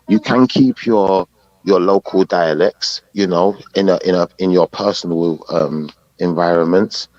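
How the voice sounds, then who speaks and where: Male podcast panelist: low voice, close dry mic, deliberate and hesitant delivery. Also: no echo. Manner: measured, hesitant, searching for words. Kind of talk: casual live podcast debate. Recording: dull muffled podcast audio.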